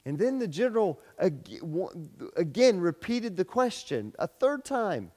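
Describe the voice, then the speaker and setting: A man's voice: high-pitched, big pitch swings, measured pace, hardly any pauses. A man preaching a sermon as pastor, telling a story with many restarts and repeated words, and raising his voice sharply for the lines of the story. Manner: storytelling, repeats words, grows loud for dialogue. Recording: long hall reverb.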